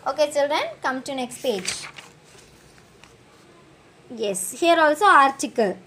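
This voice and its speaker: Woman teacher, very high and bright, slow and patient with repeats for young pupils. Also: animated, a little hiss or hum. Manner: slow, repeats each question and answer, coaxing. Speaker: school teacher. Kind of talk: recorded English lesson for young children.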